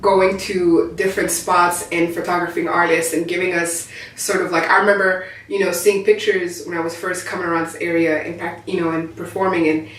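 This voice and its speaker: A woman poet talking in a casual interview in an art gallery, animated and earnest, recorded from a distant mic. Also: on the low side, a little fast, hardly any pauses, heavy reverb. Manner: animated, laughs easily, earnest. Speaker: poet and performer.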